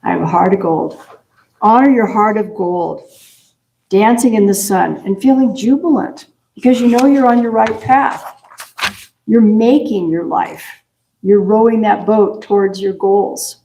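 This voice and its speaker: Woman minister, folksy sermon, bit of gravel in her voice, roomy church echo. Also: mid-range voice, unhurried, warm tone. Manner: folksy, chatty, affirming. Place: church sanctuary.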